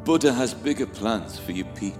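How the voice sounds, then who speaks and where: A man voicing a calm, mystical river serpent spirit that speaks slowly and soothingly. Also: mid-range voice, music in the background, pitched above the performer's own voice, natural voice. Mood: serene.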